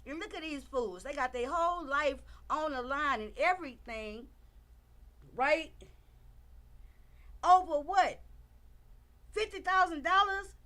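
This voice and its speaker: A woman's voice: high-pitched, lively intonation, slow pace, pauses often, pushed and bright. A middle-aged woman giving emphatic casual commentary on a livestream, repeating herself for emphasis and talking straight to her viewers.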